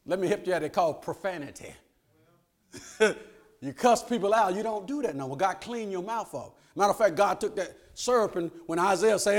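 An older man preaching a sermon, calling out to the congregation and rising to shouts. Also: high voice, very animated, normal speed.

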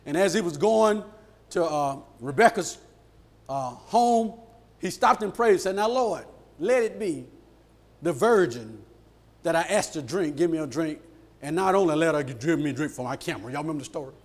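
High-voiced animated preacher man. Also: moderate pace. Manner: animated, shouts at peaks and acts out quoted voices. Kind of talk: sermon.

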